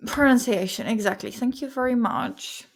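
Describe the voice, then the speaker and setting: A woman's voice: on the high side, moderate pace, creaky. A woman hosting a casual study-along vlog, playful and rambling, sounding out words over and over. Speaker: vlog host studying vocabulary.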